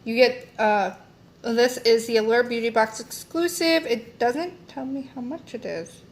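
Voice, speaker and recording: A woman's voice: on the high side, a little slow. A young woman chatting casually as she unboxes beauty products, rambling with lots of fillers and self-corrections. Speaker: beauty vlogger.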